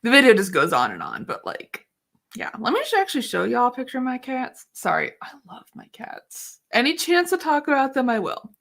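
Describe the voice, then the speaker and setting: A woman's voice: high voice, wildly swooping pitch, brisk, vocal fry, fairly bright tone. Giggly, chatty young woman. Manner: chatty and giggly, many fillers. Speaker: reading sprint streamer. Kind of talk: casual chat.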